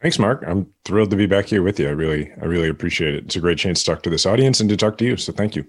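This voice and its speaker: A man who is a guest author on a podcast, speaking in a quick, reassuring way. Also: low voice, husky. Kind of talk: casual interview chat.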